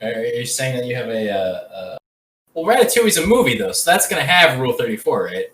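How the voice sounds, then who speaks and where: A man co-hosting a casual podcast, his voice bright and forward. He rambles and hedges through each thought with lots of fillers. He sounds a little away from the mic in an echoey room with a faint hiss behind. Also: medium pitch, sing-song, quick pace, recorded from a distance. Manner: rambling, hesitant, heavy with fillers. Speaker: podcast co-host. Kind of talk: casual chat.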